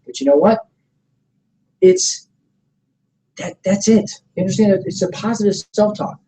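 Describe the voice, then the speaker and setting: A middle-aged man leading a motivational sales training seminar. He coaches with energy, keeps checking that the room is following, and acts out sample pitches. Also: expressive, a little slow, dark tone, a little hiss or hum, low-quality recording. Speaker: network marketing trainer.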